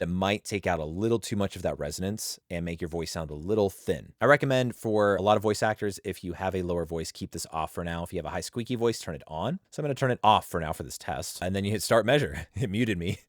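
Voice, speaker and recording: A man's voice: deep voice, animated, quick pace, few pauses, no room sound, clean studio sound. A man and voice actor walking through an audio interface setup in a chatty, playful tutorial style. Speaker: audio gear reviewer and voice actor. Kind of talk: tutorial walkthrough. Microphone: studio microphone.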